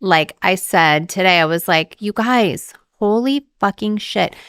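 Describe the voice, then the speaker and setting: A woman's voice: mid-range voice, unhurried, fairly bright tone, clear, resonant tone, dry recording, studio quality. A woman in her forties, a guest on an interview show, telling stories in casual chat with lots of "like" fillers and acted-out quotes. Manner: chatty storyteller, many "like" fillers, acts out quotes.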